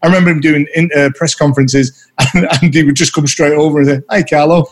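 A man's voice: a little high, steady tone, fast talker. Rambling man with a raised voice. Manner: rambling, restarts mid-sentence. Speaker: podcast co-host. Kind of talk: casual banter, anecdote.

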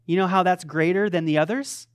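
A man preaching as a pastor speaks briskly in a high-sitting, clean-toned voice. He chats with the congregation, asking them questions, makes self-deprecating remarks, and often restarts what he's saying.

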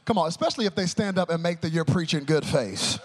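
A man preaching a sermon, telling a humorous story and swinging between loud excitement and hushed tones. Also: fairly high pitch, fast talker, long reverb tail, slight background noise.

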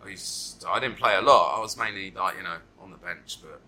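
A man's voice: low voice, brisk, sharp tone, low-quality recording. A man hosting a podcast, rambling and joking casually with frequent swearing. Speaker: podcast host. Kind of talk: casual chat.

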